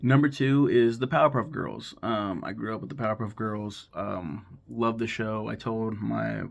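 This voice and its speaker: Low, creaky and fairly even in intonation, the voice belongs to a man in his thirties ranking his favorite cartoons on YouTube. He talks to camera casually, swearing and rambling, recounting plots and acting out lines in rapid voices.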